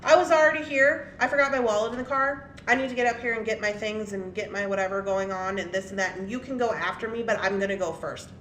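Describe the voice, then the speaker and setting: A woman's voice: mid-range voice, fast talker, hardly any pauses, fairly bright tone, a little hiss or hum, lightly acted. A woman mimicking a pushy, self-important woman who cuts in line, in an echoey room. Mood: insistent. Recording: echoey room with faint ambience.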